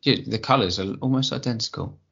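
A man's voice: mid-range voice, a little fast, gravelly, bright, forceful tone, slightly rough, dull audio. A man co-hosting a running podcast, chatting casually and giving advice on a listener's question. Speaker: podcast co-host.

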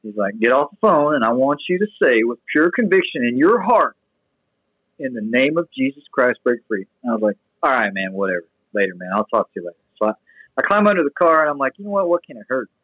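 Animated rambling man telling a story. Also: medium pitch, fast, no echo, muffled recording. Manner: animated, rambling with restarts and fillers. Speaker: guest sharing testimony. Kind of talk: casual storytelling.

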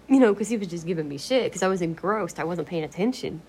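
Woman vlogging at home, rambling chatty talk, swears a lot, slips into whispers, lowish voice, faint room hiss. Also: animated, quick pace, hardly any pauses, a little mellow. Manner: chatty, swears freely, laughs often, drifts into whispers. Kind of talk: casual rambling chat.

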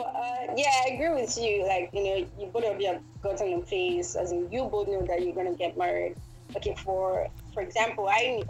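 A woman's voice: medium pitch, rough recording. A woman guest in a casual chat, talking thoughtfully with many fillers.

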